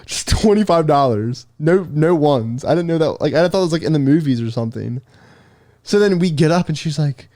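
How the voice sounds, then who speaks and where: With a slightly high, warm and animated voice at normal speed, this young podcast co-host shares an awkward tale, laughing sheepishly and saying "dude" often. The studio-quality sound is echo-free.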